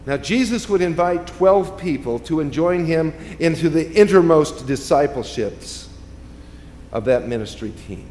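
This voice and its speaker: A man preaching a sermon, his delivery rising to loud, emphatic peaks and dropping to quiet, hushed asides. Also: a little high, lively intonation, a little slow. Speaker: pastor. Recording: long reverb, faint ambient noise.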